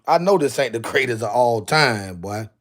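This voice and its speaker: A man's voice: medium pitch, animated, normal speed. A man chatting casually on a live stream, exclaiming to himself as he goes through jerseys. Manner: drawling, exclaiming to himself while sorting jerseys.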